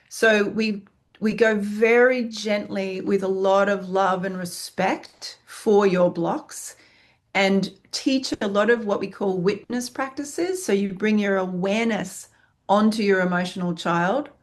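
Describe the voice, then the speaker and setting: A frank, earnest woman explaining her acting work in an interview. Her voice sits at an ordinary middle pitch, and her phrases roll out in long lists. She swears without hesitation. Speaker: acting teacher. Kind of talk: interview answer.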